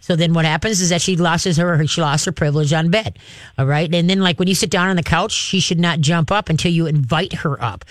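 A woman hosting a call-in radio show as a dog trainer, chatty and animated, with lots of fillers and restarts. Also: on the low side, brisk, dry recording, clean studio sound. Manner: chatty, animated, acts out dog and owner voices.

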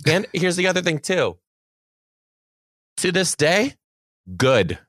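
A man's voice: high-pitched, big pitch swings, slow pace, a bit bright, no echo, clean studio sound. A young man on a podcast, animatedly retelling a story from his teaching days, swearing and getting worked up. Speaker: podcast co-host, former teacher. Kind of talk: casual storytelling chat.

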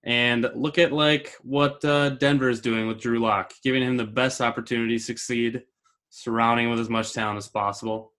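A man's voice: medium pitch, fairly even intonation, normal speed, fairly bright tone. A man co-hosting a casual sports talk show, laid-back and chatty. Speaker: co-host.

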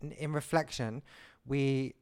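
A man's voice: medium pitch, steady tone, unhurried, a little mellow, clean tone, dry recording, studio quality. A man co-hosting a podcast in casual chat, talkative and laughing easily, often trailing off mid-thought. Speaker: podcast co-host.

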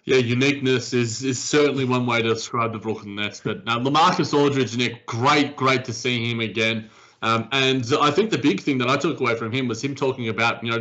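A man's voice: medium pitch, fairly bright tone, dull audio. A man co-hosting a casual basketball podcast, rambling with frequent restarts. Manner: rambling, many restarts and fillers. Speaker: podcast co-host. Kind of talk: casual sports chat.

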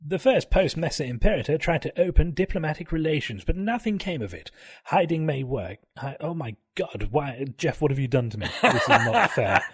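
A man's voice: on the high side, expressive, brisk, darkish tone, breathy edge, no echo. A man hosting a podcast in casual banter, joking and laughing at his own slip-ups. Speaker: podcast host.

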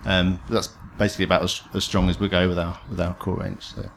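A man who owns a brewery, explaining its approach in a measured way. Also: deep voice, flat delivery, vocal fry, slight background noise. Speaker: brewery owner. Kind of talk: interview answers.

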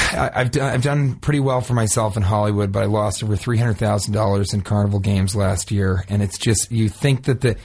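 A man guest on a comedy podcast, telling an improvised story in a mock-rueful, halting, stammering way. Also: fairly low pitch, fairly even intonation, darkish tone, husky.

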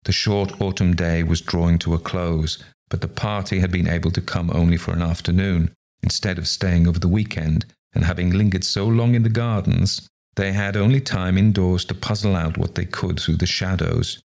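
A man reading a ghost story aloud in a measured, unhurried way. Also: low-pitched, fairly even intonation, creaky, darkish tone. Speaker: story reader.

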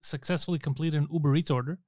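A man's voice: fairly high pitch, fast talker, dry recording, studio quality. A young man chatting casually on a podcast, telling stories animatedly and swearing freely. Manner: animated storyteller, acts out voices, swears. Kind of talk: casual chat.

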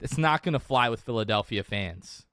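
A man's voice: mid-range voice, animated, moderate pace, a bit bright, smooth, no room sound. A man co-hosting a sports podcast, talking casually and rambling with frequent restarts. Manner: rambling, chatty, many restarts. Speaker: podcast co-host. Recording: dry close-mic sound.

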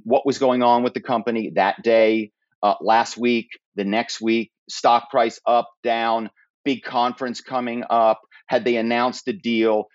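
A man, a former corporate spy, telling stories as a podcast guest in a lively conversational way. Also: mid-range voice, no room sound, muffled recording. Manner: animated, slips into put-on accents and quoted voices. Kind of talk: conversational interview storytelling.

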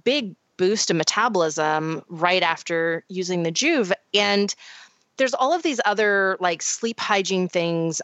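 A woman's voice: fairly low pitch, fairly bright tone, no room sound, dull audio. A woman co-hosting a podcast, explaining science in a casual, chatty way with frequent restarts. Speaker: podcast co-host.

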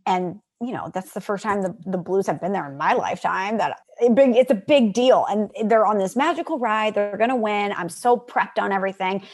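A woman co-hosting a casual podcast, telling stories with lively energy and frequent laughter. Her voice sits at a middle pitch, and her delivery is chatty and expressive. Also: a little fast, few pauses. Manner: animated storyteller, laughs often. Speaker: podcast co-host. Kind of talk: casual chat.

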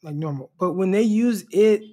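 A man's voice: high-pitched, normal speed, mellow. A man co-hosting a casual sports podcast, laid-back and stammering, often repeating his first words. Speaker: podcast co-host.

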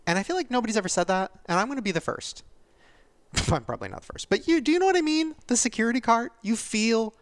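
A man's voice: very high-pitched, sing-song, fast. A man in his thirties hosting a podcast, speaking candidly and vulnerably, tearful and laughing through it. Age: 30s. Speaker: podcast host. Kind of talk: confessional podcast monologue.

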